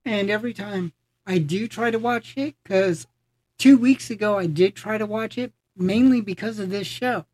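A person in casual chat, giving measured, thoughtful opinions with hesitant starts. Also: medium pitch, a little mellow, no echo, poor audio. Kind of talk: casual chat watching wrestling.

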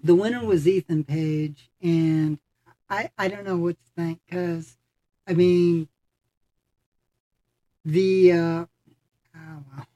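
A mid-pitched adult voice in a relaxed conversation. The speaker talks in a measured, thoughtful way and sometimes hesitates. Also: highs cut off. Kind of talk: casual chat about wrestling.

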